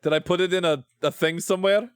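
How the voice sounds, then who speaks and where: A man's voice: high-pitched, steady tone, fast talker, clean tone, dry recording. A man streaming a game, chatting casually in a playful, rambling way and swearing often. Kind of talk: casual gameplay chat.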